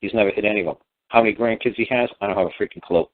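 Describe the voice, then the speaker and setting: Over tinny phone-line audio, a male talk show host rattles off a long story at a very fast clip in a lowish voice. He rambles casually, repeats himself, and swears along the way.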